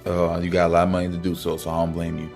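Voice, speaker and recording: A man's voice: monotone, rapid-fire, creaky, darkish tone, soft background music. A man conducting a joking mock interview, playful and incredulous with his guests. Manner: playful, incredulous, high-pitched when exasperated. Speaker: comedy interviewer.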